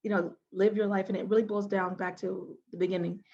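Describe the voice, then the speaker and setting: Animated woman telling her story. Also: mid-range voice, fairly quick, muffled recording. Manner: animated storyteller, swings between hushed and loud exclamations. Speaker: interview guest. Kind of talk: telling a personal story in an interview.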